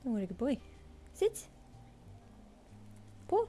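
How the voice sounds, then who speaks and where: A woman's voice: mid-range voice, measured pace, dark tone, slight background noise. A British woman chatting casually on a live stream at home, cooing at her cat and giving it commands between comments. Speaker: artist streamer. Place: home room.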